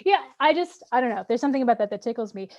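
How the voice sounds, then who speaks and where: A woman's voice: fairly high pitch, animated, very fast, a little mellow. Rambling enthusiastic woman host. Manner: enthusiastic, rambling, many fillers. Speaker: interview host. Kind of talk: casual video-call interview.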